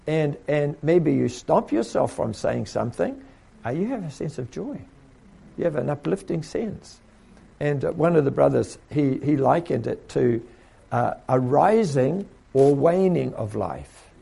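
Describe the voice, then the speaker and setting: A man's voice: a little high, expressive, measured pace, gravelly, dark tone, breathy edge. A man preaching a sermon in a conversational way, repeating himself and acting out little quotes.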